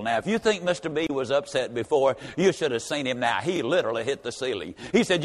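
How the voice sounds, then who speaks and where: A man's voice: medium pitch, expressive, fairly quick, hardly any pauses. A man giving a folksy, emphatic motivational speech told as a story. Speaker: motivational speaker. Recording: reverberant hall.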